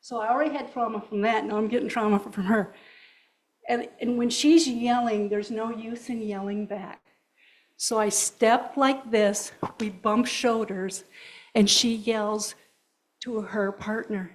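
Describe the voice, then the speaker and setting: A woman with a somewhat high voice shares a personal story in front of a church congregation. She speaks in a lively, nervous way. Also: a little slow, low-quality recording. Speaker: congregation member sharing a story. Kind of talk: personal testimony. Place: church sanctuary.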